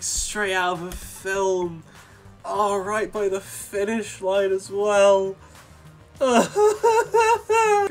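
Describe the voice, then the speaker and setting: A young man commentating while he plays a racing game, excitable and quick to yell and laugh at his wins and crashes. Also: high voice. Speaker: gaming video creator. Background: faint game music.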